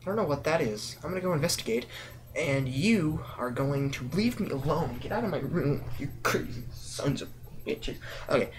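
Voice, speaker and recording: A teenage guy hosting a casual vlog from his bedroom, rambling and joking at his own expense, with long drawn-out pauses. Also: fairly high pitch, lively intonation, noisy background. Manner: rambling, jokey, self-deprecating, with drawn-out pauses. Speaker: vlog host.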